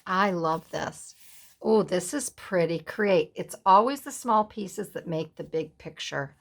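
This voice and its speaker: Slow, low-voiced admiring woman. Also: vocal fry. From USA. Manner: gushing, softly admiring. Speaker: craft vlogger. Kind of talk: casual craft flip-through.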